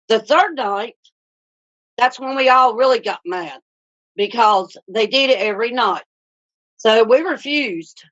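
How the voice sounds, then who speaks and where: A woman's voice: fairly high pitch, fairly bright tone. A woman tells a customer complaint in a casual, indignant way, often quoting what she and the staff said. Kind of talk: casual spoken account. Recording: dull lo-fi recording.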